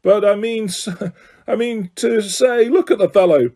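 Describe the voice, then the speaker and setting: A man voicing a hearty, booming headless ghost huntsman in a storybook reading, roaring and jovial. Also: unhurried, mellow. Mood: mocking.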